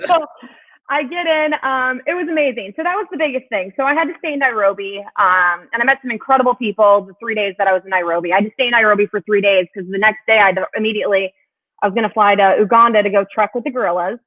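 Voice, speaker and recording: A woman's voice: medium pitch, quick pace. A woman from Wisconsin, a guest, telling travel stories in a chatty way and laughing often. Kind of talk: casual chat. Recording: tinny phone-like call audio.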